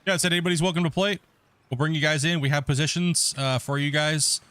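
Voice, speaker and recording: A middle-aged let's play host narrates a multiplayer stream casually, wandering off track and restarting lines a lot. His voice is a little high, fast and sharp, with fairly even intonation, and there's no room sound.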